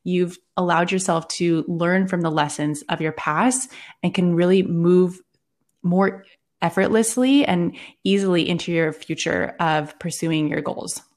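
Earnest woman life coach, lowish voice. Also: steady tone, a little slow, a little mellow. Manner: earnest, encouraging, explanatory. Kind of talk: podcast interview guest.

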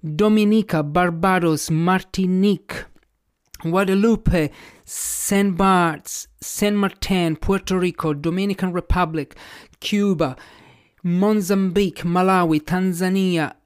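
A man's voice: sits high, steady tone, takes it slowly, clean tone. A man hosting a casual podcast interview at home, reading out a long list and admitting when he is unsure of pronunciations. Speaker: podcast host.

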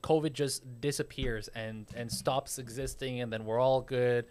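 A man's voice: mid-range voice, fairly even intonation, unhurried, darkish tone, slight background noise. A man hosting a casual podcast, explaining with frequent profanity and stammered restarts.

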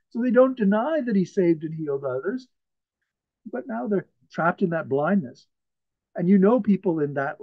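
A man preaching an earnest, emphatic sermon to an online church, chuckling softly now and then. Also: high voice, no echo, muffled recording. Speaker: pastor. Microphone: video call.

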